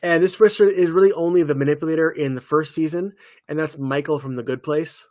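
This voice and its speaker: A man's voice: on the high side, steady tone, a little fast, darkish tone, no echo. Man chatting loosely as podcast co-host. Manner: rambling, filler-heavy storytelling. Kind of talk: casual chat.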